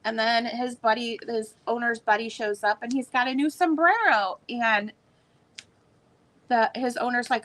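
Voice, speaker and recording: A woman's voice: on the high side, measured pace, a bit bright, poor audio. A woman selling old books on a live stream, talking in a chatty, rambling way. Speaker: online book seller. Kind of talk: casual live sale chat.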